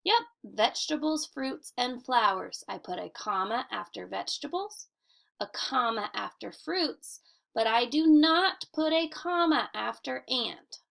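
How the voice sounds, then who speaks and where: With a slightly high, fairly bright, expressive voice, a female teacher presents a recorded grammar lesson aimed at children. She enunciates carefully and slows her delivery to model how to read aloud.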